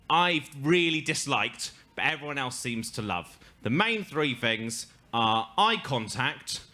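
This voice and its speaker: Young english guy doing standup, nasal and kinda monotone, dry jokes, bright sharp voice, pitched a bit high. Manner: deadpan, self-deprecating, wry. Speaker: stand-up comedian. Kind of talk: stand-up storytelling. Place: live storytelling stage with audience.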